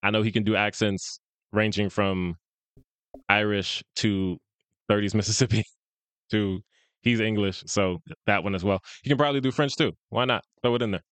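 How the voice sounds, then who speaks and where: Relaxed low-voiced man chatting. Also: normal speed, smooth, no room sound. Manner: laid-back, chatty, laughs often. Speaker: podcast co-host. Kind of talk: casual fan-casting chat.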